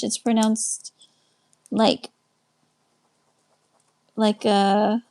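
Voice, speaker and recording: This Texan life coach speaks in a mid-range, gravelly, warm voice, though her delivery is flat and slow with long pauses. On a casual webcam live stream, she greets viewers and answers comments one by one, a little tired and winding down.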